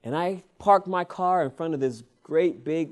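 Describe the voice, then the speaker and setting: A male preacher telling a personal story in a sermon, animated and often laughing, drawing "Amen" responses. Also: on the high side, measured pace.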